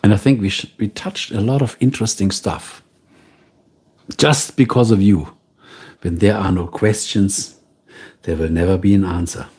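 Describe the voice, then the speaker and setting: A man with a German accent hosting a livestream, chatting casually and directly with his viewers in a relaxed, unhurried way. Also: lowish voice, breathy edge. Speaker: livestream host.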